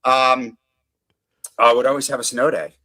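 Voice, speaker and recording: A middle-aged American man with a slightly softened accent, telling stories as a guest in a casual podcast interview, with many ums and restarts. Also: medium pitch, flat delivery, unhurried. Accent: American, slightly softened by Australian. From Connecticut, USA. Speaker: guest photographer.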